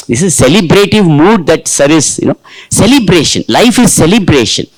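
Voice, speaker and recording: A man with an Indian English accent giving a workshop lecture to teachers, talking in an animated, sing-song way. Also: a little high, brisk, rough recording. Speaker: teacher trainer.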